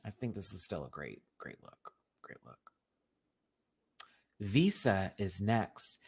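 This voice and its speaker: A man's voice: sits low, big pitch swings, takes it slowly, vocal fry, a little mellow, breathy edge. A man from Texas with a light Southern twang, ranting animatedly in a casual review and repeating words for emphasis. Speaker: drag show reviewer. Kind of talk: casual video review rant.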